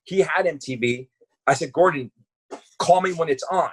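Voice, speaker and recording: A man's fairly high voice with a breathy edge moves at a moderate pace as he tells stories as a podcast guest. Originally from Brooklyn, New York, he's animated, acts out the people he quotes, and swears and uses fillers a lot.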